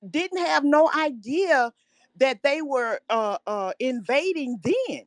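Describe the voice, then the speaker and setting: High-voiced woman calling in, rambling. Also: lively intonation, slow, no echo. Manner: rambling, reminiscing, many "you know" fillers. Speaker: caller. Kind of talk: casual call-in conversation.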